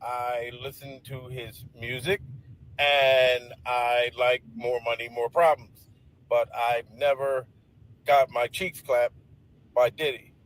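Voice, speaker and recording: A man doing an impression of a male ex-president, speaking in a deadpan, mock-solemn way in a comedy gossip clip. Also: mid-range voice, slow pace, pitched below the performer's own voice, lightly acted, rough recording. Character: deep-voiced male ex-president denying a scandal, mock-solemn.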